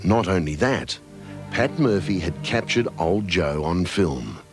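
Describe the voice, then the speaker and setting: Very deep, slow documentary narrator man. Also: lively intonation. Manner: measured and solemn. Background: background music.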